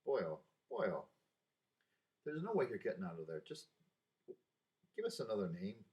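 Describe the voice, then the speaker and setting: A man putting on the voice of a teasing Irish boss who jokes bluntly in quick jabs. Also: fairly low pitch, huge pitch swings, far from the mic, lo-fi sound.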